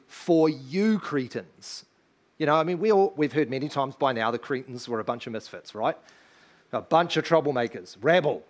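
A man with a somewhat high voice delivers a sermon from the pulpit. He is emphatic, leans on key phrases, and keeps asking his listeners questions. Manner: emphatic, asks the congregation rhetorical questions. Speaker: pastor. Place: church.

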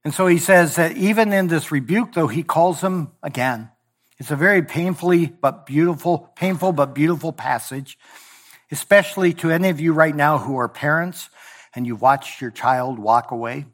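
A man's voice: a little high, normal speed. Impassioned male pastor preaching a sermon. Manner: impassioned preaching, voicing God's words in quotes, swinging from loud to hushed. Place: church sanctuary.

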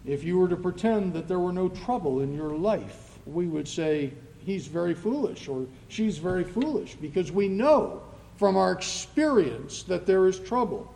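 A man preaching a sermon as pastor, speaking slowly and rising to loud, emphatic readings of scripture. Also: sits high, animated, vocal fry. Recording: long reverb of a church hall.

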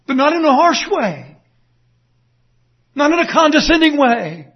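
A man's voice: very high-pitched, sing-song, a little slow, pauses often, lo-fi sound. A man preaching a sermon in an earnest, emphatic way, asking rhetorical questions. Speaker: pastor.

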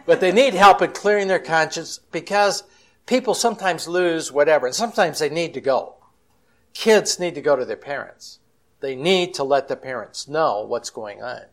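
A man's voice: fairly high pitch, expressive, normal speed. A man speaking as a Christian counselor at a conference, telling stories in a folksy, chatty way and acting out the quotes. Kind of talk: storytelling conference talk.

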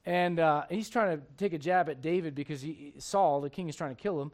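A man's voice: a little high, brisk, darkish tone. A man, preaching a sermon in a conversational, storytelling way full of rhetorical questions.

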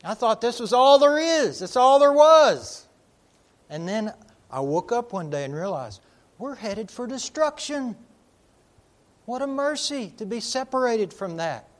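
A man preaching a sermon, emphatic, swinging from loud declarations to hushed lines and slowing on key words. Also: extremely high pitch, lively intonation.

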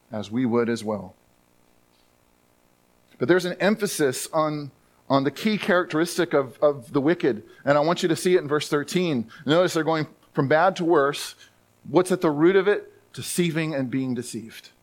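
Earnest male pastor preaching. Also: fairly high pitch. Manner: earnest, repeats words for emphasis. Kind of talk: sermon. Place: church sanctuary.

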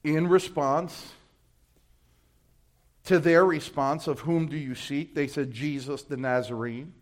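A male pastor from Brooklyn with a New York accent, preaching a sermon, swinging between loud emphatic scripture readings and low quiet asides. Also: steady tone, takes it slowly.

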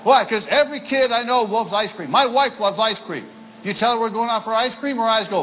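A man preaches in a folksy, playful way, his pitch leaping around as he acts out little examples. His voice sits high and bright. A faint background hiss runs under the recording. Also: lively intonation, normal speed, low-quality recording. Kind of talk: sermon to children and families.

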